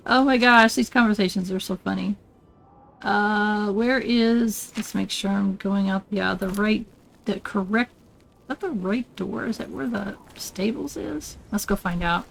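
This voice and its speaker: An older woman hosting a relaxed let's play, chatting and rambling as she plays and often getting sidetracked. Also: mid-range voice, normal speed, creaky, low-quality recording. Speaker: gaming channel host. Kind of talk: casual let's play commentary.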